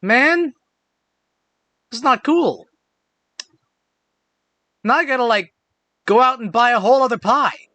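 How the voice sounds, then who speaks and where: A man's voice: extremely high pitch, animated, takes it slowly, long pauses, sharp tone, no room sound, heavily acted. A man voicing a laid-back male skeleton who drawls in casual slang. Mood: grumbling. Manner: drawling, filler-heavy slang.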